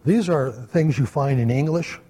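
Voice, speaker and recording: A man teaching a church Bible study class in a conversational lecture style, pausing often on "uh" and checking in with his listeners. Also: mid-range voice, dark tone, husky. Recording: long hall reverb.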